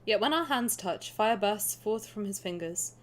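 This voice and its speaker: Reading narration aloud while playing a story game, a young woman streamer reacts with lively chatter and frequent laughter. Her voice is mid-range and her pace moderate.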